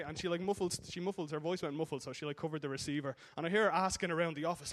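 A man's voice: fairly high pitch, very fast, few pauses, a bit bright. An Irish man preaching a sermon in a joking storytelling way, often checking in with the congregation. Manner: jokey storytelling with frequent "okay?" tags. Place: church hall. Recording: echoey hall.

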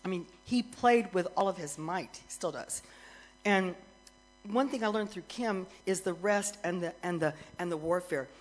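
A middle-aged woman worship minister telling a lively story as part of a sermon, getting more excited and louder as it goes. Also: lowish voice, normal speed, soft background music, poor audio. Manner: animated storyteller, grows excited and loud, laughs.

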